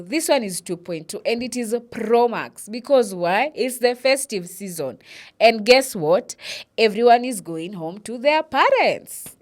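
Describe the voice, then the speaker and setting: A young Kenyan woman with a Kenyan accent, telling a personal story and switching between English and Swahili. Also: medium pitch. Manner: animated, mixes English with Swahili, acts out quotes. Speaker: vlogger.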